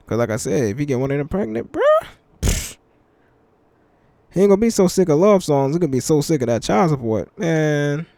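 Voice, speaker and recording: A young man giving casual reaction commentary in relaxed slang, slowing down when he reads verses aloud. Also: mid-range voice, no room sound. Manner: laid-back slangy banter, reads scripture slowly. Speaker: commentary channel host. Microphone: headphones with mic.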